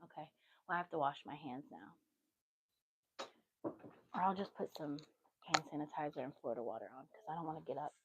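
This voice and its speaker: A woman's voice: low voice, fairly quick, long pauses, highs cut off, noisy background. A woman giving a casual tarot reading on a livestream, chatty and easily sidetracked, with motherly asides. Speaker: tarot reader.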